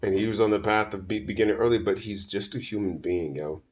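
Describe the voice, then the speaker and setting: A man's voice: lowish voice, quick pace, darkish tone, lo-fi sound. A man being interviewed as a guest, speaking emphatically and informally with a preacher-like, slangy cadence. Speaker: guest commentator. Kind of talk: opinionated interview talk.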